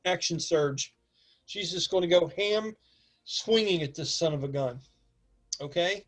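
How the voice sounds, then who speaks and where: A man acting as game master, narrating a tabletop game with lively asides and counting out distances aloud to his players. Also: on the high side, unhurried.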